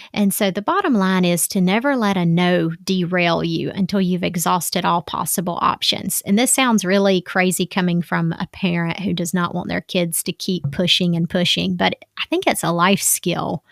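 A woman's voice: lowish voice, moderate pace, creaky, no echo, studio quality. A woman in her thirties, a mother giving advice in a casual, chatty monologue, acting out quoted dialogue. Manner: chatty, acts out quoted dialogue, many "like" fillers.

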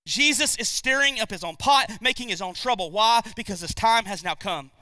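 A man's voice: sits high, moderate pace, pushed and bright, dry recording, studio quality. A man preaching a sermon as pastor, emphatic, repeating key lines and asking the congregation questions.

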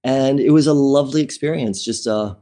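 A man's voice: mid-range voice, fairly quick, dark tone. A man telling a personal story in an interview, candid and emotional, with many fillers and restarts. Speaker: interview guest.

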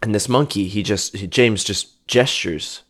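A man's voice: lowish voice, a little slow, a bit bright. A man improvising a comedic story with friends, rambling with restarts and chuckles.

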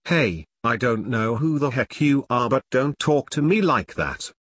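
Brief: man doing a grouchy little old pumpkin elf for a spooky storybook, husky and snappish. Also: medium pitch, lively intonation, unhurried, a bit bright, dry recording. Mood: angry. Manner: angry, gruff old man voice.

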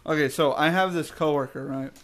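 A young man co-hosting a casual podcast chat, teasing with deadpan jokes. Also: on the high side, a little fast. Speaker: podcast co-host.

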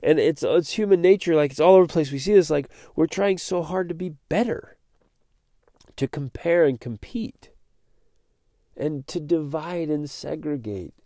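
Man, podcast host, motivational monologue, earnest and fired up, repeats words, mellow voice, dry close mic. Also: a little high, normal speed, no room sound.

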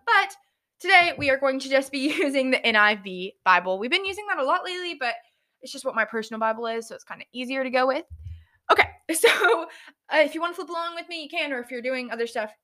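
Young woman, casual Bible study host, bright tone, chatty and stumbling. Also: high-pitched, animated, fast. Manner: chatty, filler-heavy, stumbles over words. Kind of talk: casual Bible reading and reflection.

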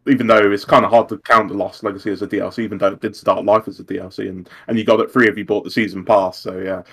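A man with a low voice answers casually on a gaming podcast. He stumbles over repeated words at first, then settles into fluent opinions. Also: flat delivery, very fast, slightly rough. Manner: hesitant starts, then fluent. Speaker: podcast panelist. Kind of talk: casual chat.

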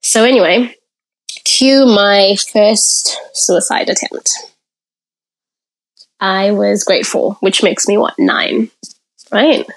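A woman from Africa speaks as a podcast guest, recounting her story in an open, candid way. Her voice sits at a middle pitch. She talks reflectively and takes pauses to collect her thoughts. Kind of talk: personal storytelling in an interview.

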